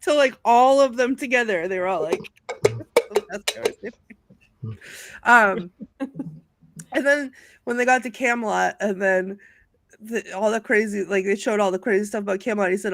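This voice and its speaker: A giggly woman chats on a movie panel, laughing a lot as she reads out her notes. Her voice sits at an ordinary middle pitch and sounds close and dry, with almost no room around it. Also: moderate pace, pauses often, fairly bright tone, dry recording. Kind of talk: casual chat.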